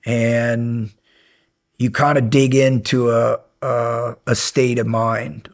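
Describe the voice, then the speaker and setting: Male guest, husky tone, animated casual storyteller. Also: medium pitch. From United States. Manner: animated, acts out quoted dialogue, many restarts. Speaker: podcast guest, former Navy SEAL.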